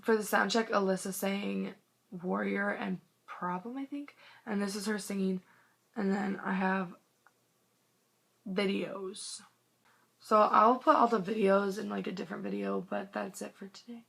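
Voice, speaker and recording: A woman's voice: mid-range voice, steady tone, unhurried, vocal fry, fairly bright tone, husky. A young woman vlogging into her phone, telling a story in a gushing, rambling way, full of "like" and sometimes dropping to a whisper. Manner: gushing, rambling, fillers of "like", drops to a whisper at times. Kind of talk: excited casual storytelling to camera.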